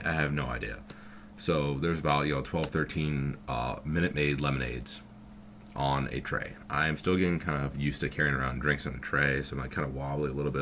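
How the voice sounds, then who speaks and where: A man's voice: extremely low pitch, a bit bright, a little hiss or hum. A young man telling a story from his own life in a loose, rambling way, full of fillers and swearing. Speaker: vlogger. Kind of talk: casual storytelling.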